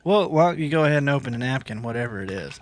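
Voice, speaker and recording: A man co-hosting a podcast, talking in an emphatic, teasing, animated way. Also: mid-range voice, racing, a little hiss or hum. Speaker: podcast co-host. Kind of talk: casual podcast chat.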